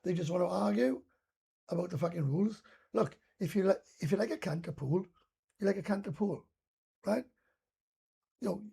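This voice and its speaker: A man's voice: sits high, gravelly, mellow, slightly rough. A Welsh man from Wales doing a casual live stream chat, rambling and ranting with heavy swearing.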